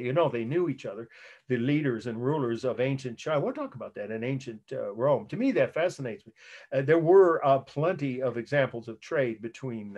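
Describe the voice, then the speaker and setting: Brief: male art history instructor, mid-pitched, casual halting delivery, video call audio. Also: darkish tone. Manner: conversational, halting, with restarts and asides. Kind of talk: online lecture. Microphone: computer mic on a video call.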